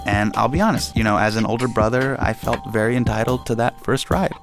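A young man from India telling a personal story in a lively, animated way, acting out the quotes. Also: mid-range voice, brisk, few pauses, over loud music.

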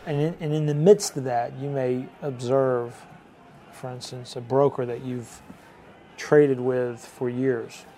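A man with a mellow, dark voice talks in a measured, descriptive way about trading for a documentary. Light noise sits behind him. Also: mid-range voice, fairly even intonation. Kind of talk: documentary interview.

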